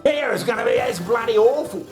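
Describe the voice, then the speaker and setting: A man rambles through a comic monologue and argues with himself as he goes. His talk is coarse and full of swearing, and he laughs at his own jokes. Clear music plays behind his voice. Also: very high voice, lively intonation, brisk. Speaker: comedy show host.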